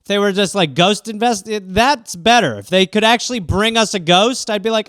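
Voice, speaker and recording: A man hosting a comedy podcast, riffing casually in an animated way, swearing and slipping into quick voices. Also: high-pitched, clear, resonant tone, no room sound, clean studio sound.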